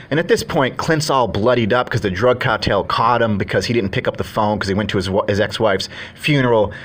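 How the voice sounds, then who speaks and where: A man's voice: on the low side, a bit bright. A man giving a casual, chatty movie review, retelling the story in a rambling way.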